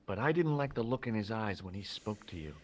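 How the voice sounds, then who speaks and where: An actor playing a wry, dry-humored American tourist hero who also narrates the game. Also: male voice, on the low side, lively intonation, brisk, slight background noise, close to an everyday voice.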